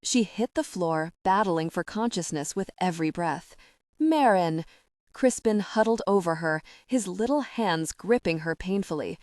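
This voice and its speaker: A woman narrating an audiobook in a measured, dramatic storytelling manner on a close mic. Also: lowish voice, a little mellow, no echo. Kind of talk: scripted narration.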